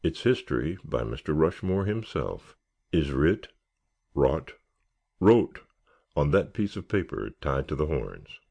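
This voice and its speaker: An irrepressible teenage boy scout, read by a male narrator, cracks mock-formal jokes and puns. The voice is deep and gravelly, with a lively, bouncing pitch. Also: slow, full character voice. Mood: joking. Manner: joking, mock-formal, punning. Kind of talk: audiobook character reading.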